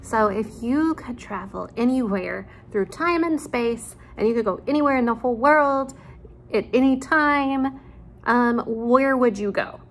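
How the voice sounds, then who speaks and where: A woman's voice: fairly high pitch, a little slow, a little hiss or hum. A woman teacher at home, chatting casually with her students and retelling a story in an informal way, with frequent ums and asides. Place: at home, near a laundry room.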